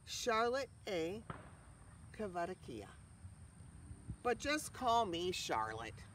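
A kindly female spider with a slow, gentle, precise storybook voice, as a reader puts her on. Her lines drift up and down in lively pitch. The voice sounds a little distant from the mic, with faint noise underneath. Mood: gentle, proud.

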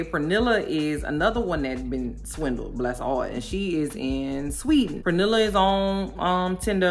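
Woman vlogger, sassy, animated, lowish voice, faint music behind. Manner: animated, sassy, talks straight to viewers. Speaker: video host reacting to a documentary. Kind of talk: casual commentary vlog.

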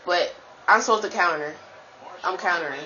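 A woman giving live commentary while playing a football video game, trash-talking her opponent and breaking into sudden high shouts. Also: moderate pace, muffled recording.

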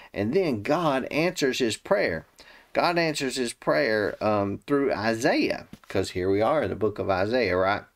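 A man giving casual Bible commentary, retelling the story in his own words and acting out the people in it. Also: fairly low pitch. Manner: acts out the quoted speakers. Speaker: Bible teacher.

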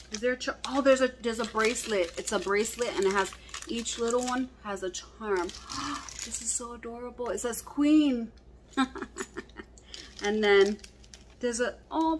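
Gushing excitable woman unboxing gifts. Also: medium pitch, a little hiss or hum. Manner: gushing, excitable, repeats "so cute". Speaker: vlogger unboxing fan mail. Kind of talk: casual unboxing chat.

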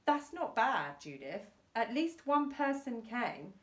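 A woman's voice: very animated, slow, fairly bright tone, full character voice. Woman doing a gushing, fussy old aunt. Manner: high, gushing and theatrical. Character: fussy eccentric spinster aunt, sneezy and proud. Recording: echoey room, distant mic.

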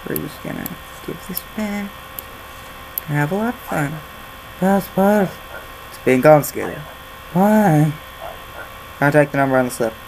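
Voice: medium pitch, expressive, a little slow, creaky, long pauses, background noise. A gaming channel host giving jokey let's-play commentary while reading game documents aloud.

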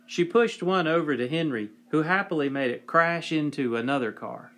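A man reading a whimsical children's story aloud with a slow, wry delivery, sometimes clearing his throat. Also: fairly high pitch, a bit bright.

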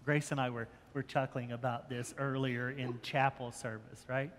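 A man's voice: mid-range voice, little pitch movement, normal speed, a bit bright, slight background noise. Older man preaching in an echoing church. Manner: conversational preaching with repeated restarts. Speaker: pastor. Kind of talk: sermon. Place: church sanctuary. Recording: church hall with long reverb.

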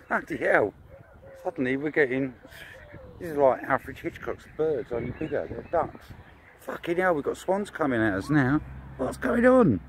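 A man chatting to his dog on a park walk, filming on a phone outdoors, talking casually and breaking into excitable bursts. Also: fairly high pitch, normal speed. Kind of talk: casual vlog narration. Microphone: phone camera mic. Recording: noisy outdoor phone recording. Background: birds and ducks, outdoor ambience.

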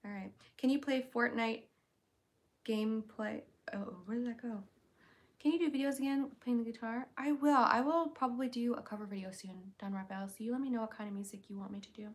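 A woman's voice: a little high, fairly even intonation, fairly quick. A young woman hosting a casual livestream, chatty and upbeat, reading viewers' questions aloud and answering them. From United States.

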